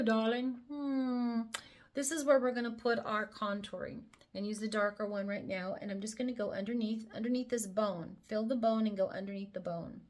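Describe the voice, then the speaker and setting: A woman presenting a casual makeup tutorial, talking the viewer through each step with chatty, playful asides. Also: mid-range voice. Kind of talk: casual how-to demonstration.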